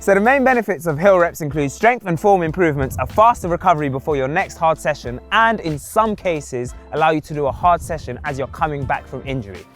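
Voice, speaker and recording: A man's voice: a little high, expressive, a little fast, few pauses, fairly bright tone, faint music behind. A man presenting a running vlog outdoors on a windy hillside, out of breath between hill sprints and talking with energy.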